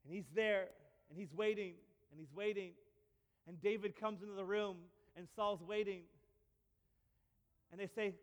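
High-voiced male pastor preaching. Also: measured pace, long pauses, big-room sound. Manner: animated storytelling with repeats and humor. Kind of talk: sermon.

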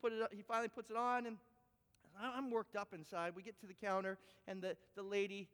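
High-voiced animated man preaching in a hall. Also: brisk, clean tone. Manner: animated storytelling with big pitch swings. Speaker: pastor. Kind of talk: sermon with personal story. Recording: echoey hall with long reverb.

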